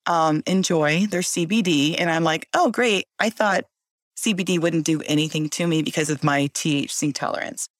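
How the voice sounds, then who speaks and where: Woman, guest, casual storytelling, animated, acts out voices, low voice, dry room. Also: normal speed, no room sound.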